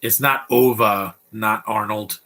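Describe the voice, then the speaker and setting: Young guy, twenties, bright voice, off-the-cuff movie commentary, blunt and rambly. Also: lowish voice, steady tone, slow pace. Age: 20s. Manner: blunt, rambling, opinionated, many restarts. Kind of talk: casual live movie commentary.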